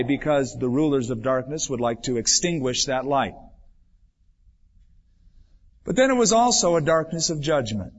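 A man preaching a sermon as pastor, building his voice up for emphasis and then dropping it low and quiet. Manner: dramatic preaching, swells and drops for emphasis. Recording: dull lo-fi 1996 church recording.

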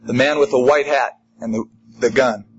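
A man preaching a sermon in an emphatic, animated way, driving home a repeated refrain. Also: mid-range voice, moderate pace, dull audio, slight background noise. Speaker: pastor.

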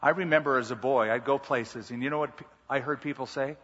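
Husky man preaching in a big hall. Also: medium pitch, fairly even intonation, quick pace, a bit bright. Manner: emphatic, repeats key words. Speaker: pastor. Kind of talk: sermon. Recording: muffled hall reverb.

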